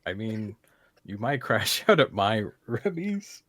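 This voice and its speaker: A man's voice: lowish voice, big pitch swings, slow pace, fairly bright tone, no echo, clean studio sound. A man co-hosting a podcast in casual chat, laid-back and a little hesitant. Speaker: podcast co-host.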